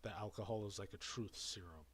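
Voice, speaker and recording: A man with a fairly low voice runs a loose commentary rant. He rambles and circles back over the same words. He sounds a little breathless, having just had a drink. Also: a little fast, slight background noise. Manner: rambling and repetitive. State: slightly out of breath after drinking. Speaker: commentary streamer. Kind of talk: casual ranting commentary.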